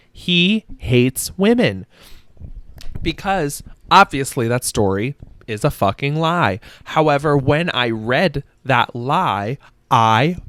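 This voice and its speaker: Man hosting a podcast, sassy and profane, rambling, smooth voice, dry close sound. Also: fairly high pitch, no echo. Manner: profane, sassy and animated, laughing often; rambling with many fillers. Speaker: podcast host. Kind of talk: casual book review chat.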